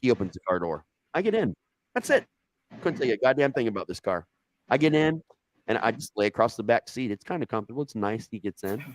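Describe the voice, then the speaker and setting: The voice is mid-range and fast, and the recording has no room sound. An Ohio-born guest tells a casual story, cursing without restraint and acting out the quoted exchanges with lots of animation.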